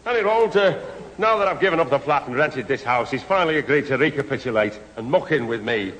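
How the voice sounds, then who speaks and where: A man's voice: mid-range voice, quick pace, a little hiss or hum, natural voice. An affable neighbour, played by a man in a 1970s radio comedy, who proudly mangles long words. His voice moves up and down a lot. It is an old radio recording with a long hall reverb. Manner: lively, mangling big words. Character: affable neighbour given to malapropisms.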